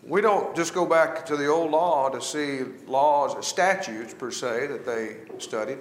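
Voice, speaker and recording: A man's voice: a little high, unhurried, reverberant, slight background noise. A man teaching a Bible class, reading verses aloud and asking the class questions that he then answers himself. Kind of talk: Bible study lesson, reading scripture aloud.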